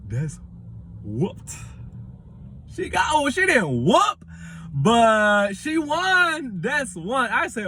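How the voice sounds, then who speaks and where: A man, reviewing a reality show in casual commentary with animated, dramatic retelling. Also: very high voice, drawn-out words, a little hiss or hum.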